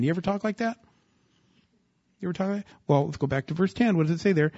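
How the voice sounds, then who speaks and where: A man preaching a sermon, asking the congregation rhetorical questions and rising into loud bursts of emphasis. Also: on the high side, fast talker, dry recording, highs cut off. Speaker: pastor.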